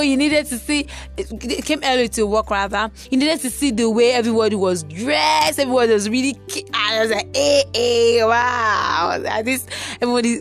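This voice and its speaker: Young woman telling a story, kinda high voice, does all the voices, quiet music under it. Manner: animated, acts out voices of others. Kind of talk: storytelling monologue. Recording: faint music behind.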